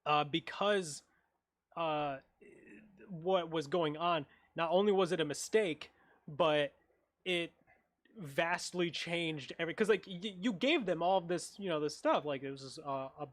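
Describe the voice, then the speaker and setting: A man co-hosting a casual panel discussion, rambling and halting with lots of fillers. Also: fairly high pitch, no room sound. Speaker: podcast co-host.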